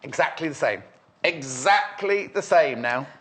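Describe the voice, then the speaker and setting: An animated, unhurried man with a fairly bright voice on the high side presents a live shopping show. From Merseyside, he gushes about the merchandise, repeats himself, and keeps up teasing banter with his guest in chatty sales talk.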